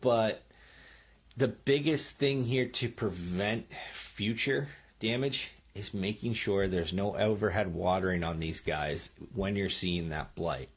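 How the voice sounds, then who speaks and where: Husky-voiced man giving gardening advice. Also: lowish voice, slow. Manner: chatty, checks in with frequent "okay?" and "right?". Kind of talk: casual instructional talk. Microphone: speaking into a microphone.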